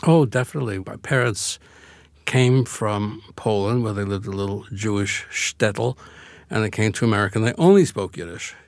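In a dry recording, a fairly low-voiced older man from Brooklyn, New York, speaks at a normal speed as an author being interviewed. The conversation is relaxed, and he comes across as reflective and wry, with an easy laugh.

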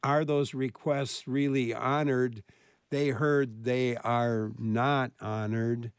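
An unhurried male radio host with a mid-range voice and a dry studio sound. He moves between callers and guests in a relaxed way, with frequent pauses and fillers. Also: medium pitch, smooth, dry recording. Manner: easygoing, hesitant, lots of fillers. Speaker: radio talk show host. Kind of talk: hosting a call-in health program.

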